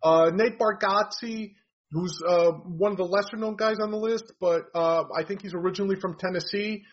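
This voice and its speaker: A man with a high, husky voice talks in a loose, rambling way, full of fillers, and states blunt opinions. The audio sounds dull and lo-fi. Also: steady tone, moderate pace. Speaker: comedy commentator. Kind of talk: casual opinionated chat.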